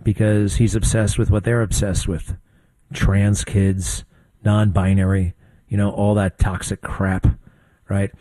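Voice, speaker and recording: An older man hosting a talk show, giving blunt, conversational political commentary with quick asides. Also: on the low side, mellow, no echo. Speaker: radio talk show host.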